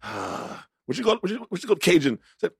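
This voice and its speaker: Husky, excitable male co-host. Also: high voice, very fast, no room sound, studio quality. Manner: excitable storyteller, profane. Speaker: podcast co-host. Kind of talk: casual banter.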